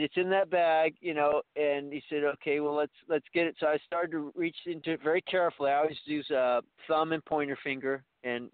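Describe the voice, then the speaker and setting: A man's voice: fairly high pitch, no echo. A man calling in to a radio talk show, telling a long story in a rambling way, with many restarts and stammers, and acting out the dialogue. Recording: tinny dry phone line.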